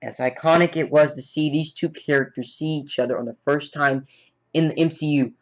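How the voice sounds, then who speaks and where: A man giving a casual movie review, retelling scenes as excited play-by-play with sound effects. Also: a little high, a little fast. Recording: dull lo-fi recording.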